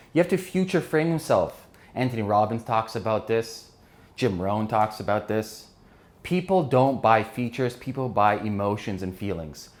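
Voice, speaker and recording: A man giving an energetic business lesson while drawing on a board, often checking in with his listeners. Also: medium pitch. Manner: energetic, keeps checking in with "right?" and "okay?". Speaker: business instructor.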